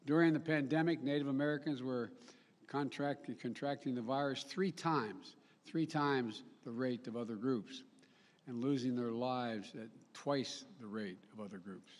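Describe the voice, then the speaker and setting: Older guy giving a speech, stops and restarts a lot, folksy little asides, long echo from a big hall. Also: medium pitch. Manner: halting, with frequent restarts and self-corrections. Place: large summit venue.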